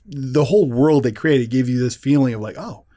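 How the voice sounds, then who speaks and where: A man's voice: mid-range voice, brisk, warm tone, no echo, clean studio sound. A man chatting casually on a podcast, rambling and chuckling. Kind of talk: casual chat.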